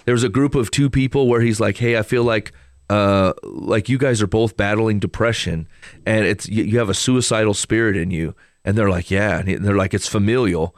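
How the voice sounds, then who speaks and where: A man co-hosting a casual faith podcast, telling stories in a rambling, animated way with many restarts. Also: fairly low pitch, dry recording, clean studio sound. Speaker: podcast co-host.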